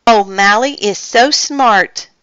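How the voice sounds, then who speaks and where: A woman voicing an excited little girl kitten in a storybook read-aloud. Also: mid-range voice, slow pace, no echo, lo-fi sound, pitched above the performer's own voice. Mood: eager. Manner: excited, wide-eyed.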